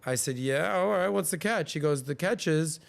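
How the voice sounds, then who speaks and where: Speaking at a moderate pace with vocal fry and a fairly high pitch, this man in his forties hosts a podcast. His casual storytelling is animated, complete with impressions of the people he quotes.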